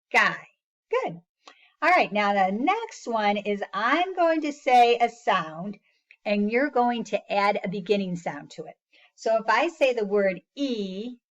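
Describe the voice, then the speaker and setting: Patient, slow-talking woman teacher. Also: medium pitch, muffled recording. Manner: slow, patient, sounds out words and praises often. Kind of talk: phonics lesson for young children.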